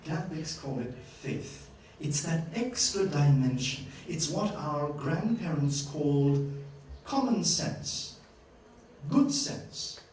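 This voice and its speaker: A man giving a lively master-class lecture at a journalism school, playful and questioning his audience. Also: a little high, takes it slowly, slight background noise. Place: university lecture hall. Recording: echoey hall, distant mic, faint ambience.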